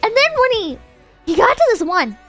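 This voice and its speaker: A woman streamer chatting casually to her chat, excitable and swearing, often breaking into shouts. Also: very high-pitched, normal speed, soft background music. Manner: excitable, swears a lot, bursts into shouting and laughter. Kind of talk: casual live-stream chat reading posts to chat.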